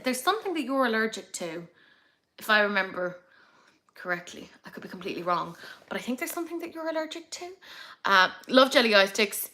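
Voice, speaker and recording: Woman, young, makeup livestream host, chatty, excitable, bright tone. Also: a little high, fairly quick. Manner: chatty, excitable, swears casually. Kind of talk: casual live chat reading comments.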